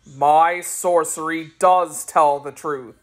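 A woman voicing a cold, cruel male sorcerer covered in thorns, speaking slowly and sternly in a storybook reading. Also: sits low, steady tone. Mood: defensive. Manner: slow, stern and accusing.

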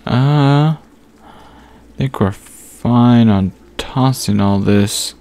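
Slow, gravelly-voiced man narrating gameplay. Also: mid-range voice, dark tone. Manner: thinks aloud while sorting items, many pauses and fillers. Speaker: gaming channel host. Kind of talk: casual gameplay commentary.

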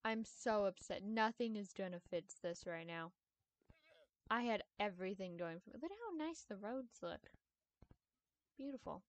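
Slow-talking, upset woman gamer. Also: medium pitch. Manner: exasperated, rambling, swears freely. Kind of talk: casual gameplay commentary.

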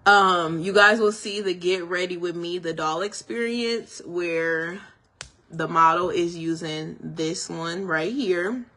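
A hairstylist who runs a small business chats casually with viewers in a product reveal vlog. She gushes about her products and is a little tongue-tied from her retainers. Her voice is on the low side with a fairly bright tone.

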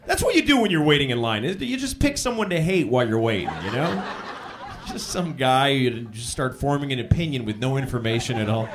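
A man in his thirties performing live stand-up comedy on a club stage, deadpan and self-mocking, with a lot of swearing. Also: medium pitch, brisk. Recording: live club recording with crowd laughter.

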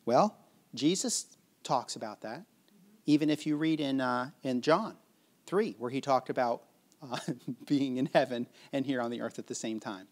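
A man's voice: medium pitch, moderate pace. A man preaching a sermon in a conversational way, often asking his listeners questions and chuckling as he explains a scripture passage. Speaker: pastor.

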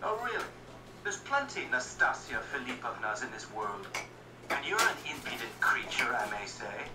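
A man's voice: mid-range voice, sing-song, normal speed, very noisy, close to an everyday voice. A man playing a brash, impatient young man who talks bluntly and scornfully. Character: brash young merchant's son, rough, impatient. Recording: roomy echo, distant mic, music behind.

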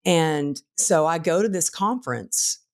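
A woman guest author telling a personal story in casual conversation, animated and acting out the voices of people in it. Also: low-pitched, unhurried. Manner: animated, acts out quotes in the story.

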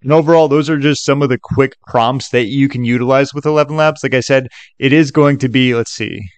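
Recorded dry and close on a desk microphone with no room sound, a male tutorial host at a middling pitch walks through a screen-recorded lesson. His tone is brisk and clean, yet his delivery stays casual and chatty, full of "like" and "okay."

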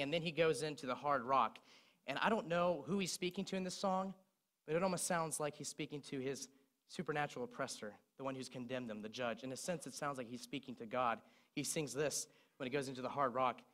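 A man's voice: medium pitch, fairly quick. A young man preaching a sermon, retelling song lyrics as he speaks. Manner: recites song lyrics in a speaking voice, lively storytelling.

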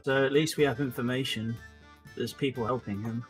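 A man playing a tabletop game, asking measured questions. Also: medium pitch, fairly even intonation, husky, soft background music, poor audio. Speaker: player. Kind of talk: casual tabletop play.

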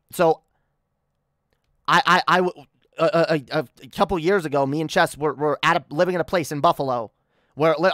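A woman's voice: deep voice, fairly bright tone, no room sound, studio quality. A woman livestreaming an angry rant, annoyed and swearing a lot, often stammering and restarting her sentences. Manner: profane, heated, stammering restarts.

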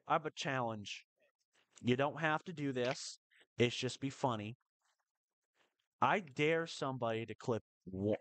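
A man giving live commentary on his own gameplay, excitable and quick to burst into strings of repeated protests. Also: medium pitch, dry recording. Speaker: live streamer.

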